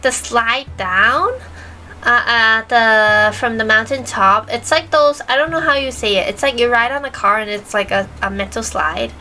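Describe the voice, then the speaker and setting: A woman's voice: on the high side, pushed and bright, slight background noise, poor audio. A woman streamer with a mixed British and American accent, chatting casually and giggling as she searches for words. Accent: mixed, part British, part American. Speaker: virtual streamer. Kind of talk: casual stream chat reading chat questions.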